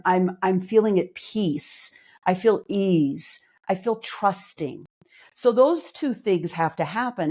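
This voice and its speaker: A woman with a fairly low voice talks through her ideas as a clinical psychologist on a podcast. She explains earnestly and with emphasis, in a relaxed, conversational way, often reaching for everyday examples to make her point. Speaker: clinical psychologist and life coach.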